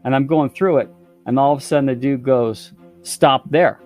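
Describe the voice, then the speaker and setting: A man with a medium-pitched voice tells a dramatic story as a podcast guest and plays up each moment. He is theatrical and lively, and faint music sits underneath. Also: fairly quick. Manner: theatrical, exaggerating for effect. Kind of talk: animated storytelling.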